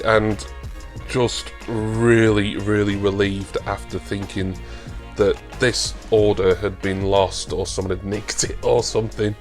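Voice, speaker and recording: Chatty British man, low register, warm collector-vlog unboxing patter that tips into excited gushing; faint music underneath. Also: slow pace. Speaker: toy collector vlogger.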